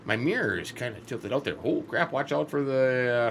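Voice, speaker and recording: Lively, bright-voiced man rambling. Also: medium pitch, normal speed, creaky, hardly any pauses, a little hiss or hum. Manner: rambling, folksy, jokey, self-interrupting. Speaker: let's play host. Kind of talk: role-play farming game commentary.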